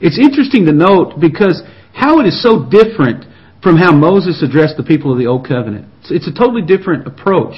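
A man's voice: a little high, very animated, fairly quick. A man preaching a sermon in an earnest, pleading way, often repeating and restarting his words. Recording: dull lo-fi recording.

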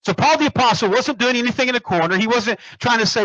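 A man's voice: extremely high pitch, quick pace, few pauses, a bit bright, no echo. A man preaching a sermon, emphatic, repeating phrases and asking the congregation questions. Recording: muffled dry recording.

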